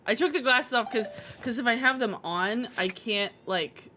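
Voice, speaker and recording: A woman's voice: a little high, normal speed, pushed and bright, slight background noise. A woman streamer giving playful, chatty commentary while playing a game. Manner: playful, laughing, chatty reactions. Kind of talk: casual gameplay commentary.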